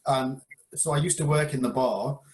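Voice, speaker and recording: A man's voice: mid-range voice, moderate pace. A man from England, a karate instructor, telling a story over a beer in a reflective, hesitant way with repeated words. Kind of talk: casual chat over a beer.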